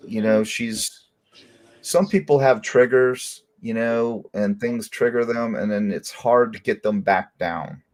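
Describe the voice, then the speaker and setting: A man hosting a casual talk show, telling stories in a rambling, animated way full of restarts. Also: on the low side. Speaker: crime talk show host. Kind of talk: casual chat.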